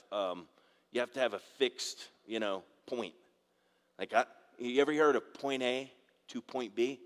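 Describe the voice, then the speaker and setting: A man's voice: medium pitch, a bit bright. Man preaching in a reverberant hall. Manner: conversational preaching with asides and audience call-outs. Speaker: pastor. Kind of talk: sermon.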